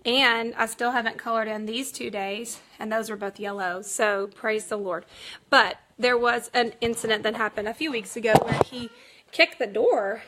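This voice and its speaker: A woman in her thirties talks casually to camera at home, laughing through a story with lots of fillers. Her voice is high and bright. There is faint noise in the background of the home recording. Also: normal speed. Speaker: mother vlogging. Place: home, kids nearby.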